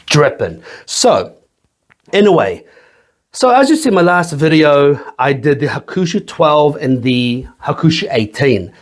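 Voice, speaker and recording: A man's voice: a little high, sing-song, a little slow. A man hosting a casual whisky review from his small home studio, joking and swearing as he rambles, sweaty in the summer heat.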